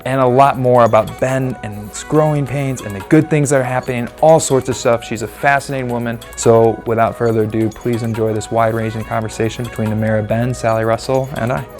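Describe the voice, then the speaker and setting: A man's voice: mid-range voice, steady tone, brisk, hardly any pauses, darkish tone, soft background music. A man hosting a casual interview podcast, talking in a loose, rambling way with many fillers. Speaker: podcast host.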